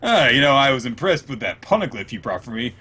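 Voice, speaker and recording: A man voicing a huge, volatile female pirate queen who swings from sweet to shrieking in a high put-on voice. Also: sing-song, quick pace, sharp tone, breathy edge, heavily acted. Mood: pleased.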